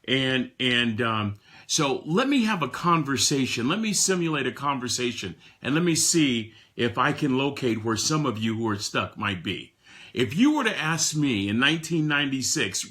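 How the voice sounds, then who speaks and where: A man in his sixties giving a motivational talk to a live audience, emphatic, with frequent repeated words and swings between soft and loud. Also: mid-range voice, very animated, moderate pace. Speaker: motivational speaker.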